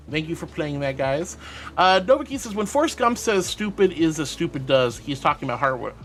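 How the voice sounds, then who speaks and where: A man's voice: a little high, very animated, moderate pace, a bit bright. A man streaming live and reading out chat, bubbly and affectionate, calling viewers sweetie.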